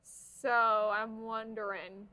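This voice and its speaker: Young woman, podcast co-host, casual chat, chatty, fairly high voice. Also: very slow, dull audio. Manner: chatty, animated, many "like" fillers.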